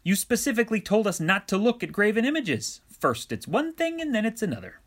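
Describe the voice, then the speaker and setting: A man's voice: high voice, very animated, a little fast, fairly bright tone, voice pushed up, full character voice. A man voicing a suspicious, contrarian man who argues indignantly about everything. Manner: indignant, argumentative.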